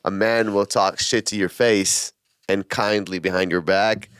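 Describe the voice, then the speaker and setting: A man co-hosting a podcast, chatting casually and telling jokes with quick asides. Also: fairly low pitch, clear, resonant tone, dry recording. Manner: animated storyteller, quick asides. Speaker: podcast co-host.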